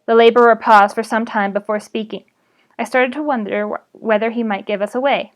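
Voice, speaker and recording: A woman reading a novel aloud in a steady, even voice on her live stream. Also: a little high, fairly quick. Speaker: reader streaming a book aloud.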